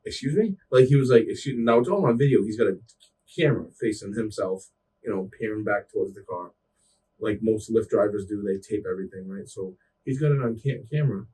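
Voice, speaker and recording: A man's voice: lowish voice, brisk, dark tone, breathy edge, recorded from a distance, rough recording. A man co-hosting a podcast, chatting casually and rambling through stories with frequent restarts and swearing. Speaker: podcast co-host.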